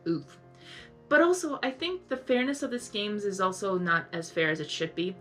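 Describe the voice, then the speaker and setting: A woman's voice: mid-range voice, normal speed, soft background music. A young woman giving casual live reaction commentary, chatty, saying "like" a lot and talking back to the characters. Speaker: reaction video host.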